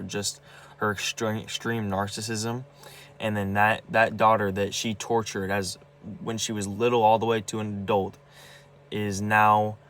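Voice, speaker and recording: Speaking in a fairly low, slightly bright voice, a young vlogger unloads his frustration with his family. He sounds agitated and upset, his speech full of false starts and repeated words, and the swearing is constant throughout this personal monologue.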